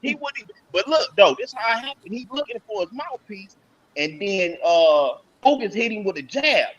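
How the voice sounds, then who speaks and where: A man's voice: sits high, lively intonation, moderate pace, fairly bright tone, breathy edge, dull audio. A man tells a fight story in casual talk. He acts out what he and others said at ringside.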